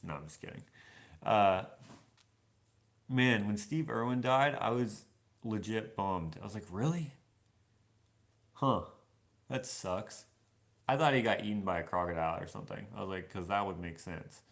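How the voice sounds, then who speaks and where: A young man with a low, gravelly voice chats loosely through a live Q&A. He reads viewer comments aloud and wanders off on tangents as he goes. He is washing dishes at home in his kitchen. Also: normal speed. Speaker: vlogger answering live questions. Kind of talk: casual live Q&A chat.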